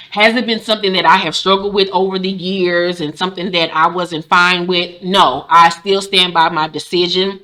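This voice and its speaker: A woman in her forties recapping a TV episode casually, animated and profane, acting out the characters' lines. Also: fairly low pitch, normal speed, few pauses. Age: 40s. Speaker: recap host.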